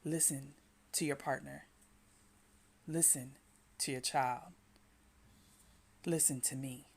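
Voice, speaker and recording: Speaking with a husky bass voice in a steady tone, a female Christian inspirational speaker delivers a slow devotional. Her repetitive talk calls on the listener to breathe and pray.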